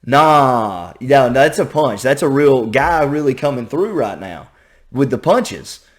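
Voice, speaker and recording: Southern US man, reaction host, lively up-and-down delivery, casual and chatty. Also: medium pitch, slow. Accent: Southern American. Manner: animated, repeats himself, thinks out loud.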